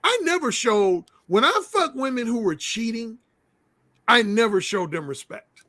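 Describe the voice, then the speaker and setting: A man's voice: very high-pitched, sing-song, a little slow, pushed and bright, no room sound. A man telling frank, blunt stories as an interview guest in casual conversation.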